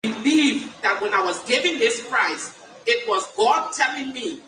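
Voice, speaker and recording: A woman in her fifties delivers a keynote testimony in a high, bright voice with wide, lively swings in pitch. She talks slowly and with weight, leaning on pauses for effect. The stage microphone picks her up from a distance in a large, echoing conference hall. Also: slight background noise. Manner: slow, emphatic storytelling with dramatic pauses. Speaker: keynote speaker. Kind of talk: personal testimony speech. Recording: echoey hall from far off.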